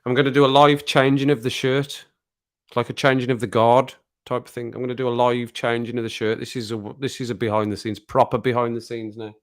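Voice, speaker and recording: A man's voice: mid-range voice, little pitch movement, a little fast. A man with a Midlands accent from England, rambling casually on a live stream, chuckling and poking fun at himself. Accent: Midlands English. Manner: rambling, chuckling, self-mocking.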